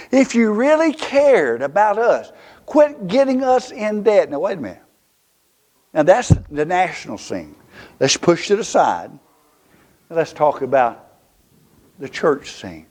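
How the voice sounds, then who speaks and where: Southern guy preaching hard in church, fiery, goes loud then quiet, voice sits a bit high. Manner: fiery, emphatic preaching that swings from loud to hushed. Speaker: pastor. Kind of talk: sermon.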